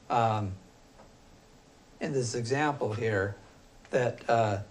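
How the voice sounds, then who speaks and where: A man teaching a philosophy class, talking loosely and thinking aloud with frequent pauses and fillers. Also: mid-range voice, a little hiss or hum. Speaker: philosophy instructor. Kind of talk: classroom lecture.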